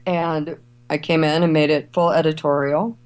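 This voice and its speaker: Lively middle-aged woman telling stories. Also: low-pitched, normal speed, smooth. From Ohio and Kentucky. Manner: animated storyteller, acts out quoted voices. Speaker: travel writer and editor, guest. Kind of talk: conversational interview.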